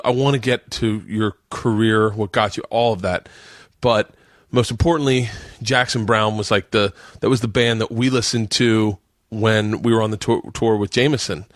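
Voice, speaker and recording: A man's voice: medium pitch, fairly even intonation, brisk, dry recording, studio quality. A man in his forties hosting a podcast, telling a story in casual chat and acting out quotes with raised voices. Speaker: podcast host.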